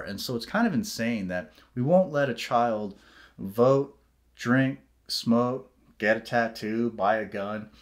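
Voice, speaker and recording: A man rants to camera in a solo vlog, his voice pitched in the middle of the male range. He gets heated, swears freely and drifts off on tangents. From United States. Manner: heated, profane ranting with tangents and mocking quoted voices. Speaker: vlogger.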